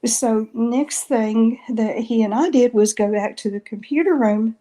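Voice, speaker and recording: A woman's voice: on the high side, measured pace, dark tone. A middle-aged woman, telling a long story in a rambling way and correcting herself often. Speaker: guest recounting paranormal experiences. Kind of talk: casual storytelling interview.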